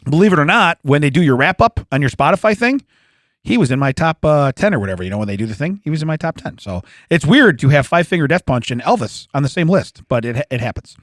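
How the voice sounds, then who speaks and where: A man's voice: a little high, expressive, fast talker, fairly bright tone, dry recording, studio quality. A man in his forties, a podcast co-host, telling stories in casual chat, laughing often and acting out the quotes.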